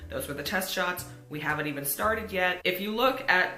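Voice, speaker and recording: A woman doing a calm, unflappable photographer. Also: fairly low pitch, brisk. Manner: calm and soothing. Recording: echoey room, faint music.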